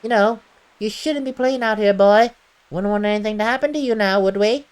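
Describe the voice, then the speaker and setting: A woman's voice: medium pitch, brisk, a little mellow, clean tone, natural voice. Woman reading as a polite villager. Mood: cautioning.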